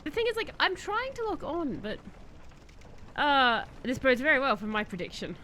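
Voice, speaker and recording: A woman streaming a game, possibly, chatting excitedly and answering her chat as she plays. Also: sits high, moderate pace, a little hiss or hum. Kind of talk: live-stream gameplay chat.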